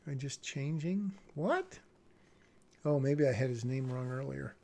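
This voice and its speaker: Speaking fairly quickly in a mellow, medium-pitched voice with vocal fry, a man screen-shares the screenplay he's revising and casually talks it through. His commentary rambles, cuts itself off mid-sentence and is dotted with small chuckles at his own expense.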